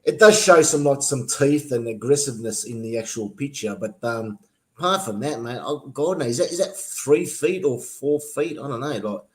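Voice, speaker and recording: A man co-hosting a casual sports podcast, halting and searching for words. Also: mid-range voice. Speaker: podcast co-host.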